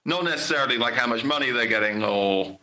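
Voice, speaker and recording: A young man from Britain, a guest writer in a casual podcast conversation, speaking in a thoughtful, measured way with many pauses and fillers. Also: mid-range voice, lively intonation, bright, forceful tone, a little hiss or hum, rough recording.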